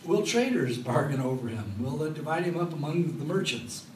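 Animated preacher in an echoey hall. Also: male voice, on the high side, normal speed, noisy background. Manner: animated, joking with the congregation. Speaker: pastor. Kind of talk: expository Bible teaching. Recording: echoey room, mic at a distance.

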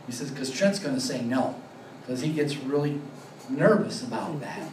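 A man's voice: mid-range voice, expressive, darkish tone, slight background noise. Chatty man teaching scripture in a roomy space. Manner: chatty, laughs often, reads verses slowly. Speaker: pastor. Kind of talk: Bible study teaching. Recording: roomy and distant with faint ambience.

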